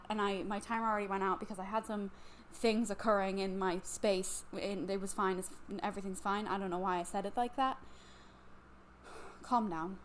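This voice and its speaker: A young woman in her twenties, a little tipsy on wine, chatting casually about books at home and rambling with lots of fillers and restarts. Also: mid-range voice. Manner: rambling, self-interrupting, lots of likes and ums. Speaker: book vlogger. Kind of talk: casual chatty book review.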